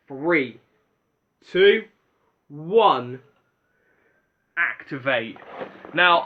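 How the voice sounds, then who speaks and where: A man giving excitable play-by-play commentary on a robot combat tournament, rising to exclamations at big hits. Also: a little high. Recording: dull lo-fi audio with music behind.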